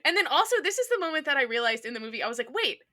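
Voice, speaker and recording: A woman hosting a podcast in casual chat, animated and laughing often. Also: high-pitched, very fast. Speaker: podcast host.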